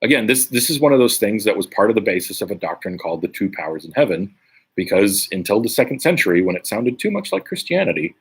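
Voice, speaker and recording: A man with a low, husky voice reads scripture and talks through it casually with a group. His delivery is lively and animated, rising and falling across a wide range. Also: fast talker. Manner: conversational, frequent "right?" tags. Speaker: Bible teacher. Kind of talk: casual Bible study reading and commentary.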